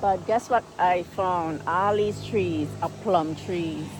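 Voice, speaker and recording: A woman vlogging casually outdoors on her farm, chatty and excitable, talking straight to her viewers from a handheld phone. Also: on the low side, takes it slowly, noisy background. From United States. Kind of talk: casual vlog narration while working.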